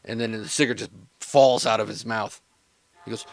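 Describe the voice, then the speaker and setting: A man's voice: on the low side, fairly even intonation, moderate pace, vocal fry, dry recording. A man narrating as game master in a tabletop game, in a loose, rambling way with many fillers.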